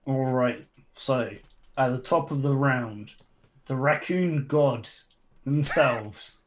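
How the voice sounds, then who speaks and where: A man running an online tabletop game as game master, explaining rules in a relaxed way with chuckles and fillers. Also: medium pitch, slow, low-quality recording.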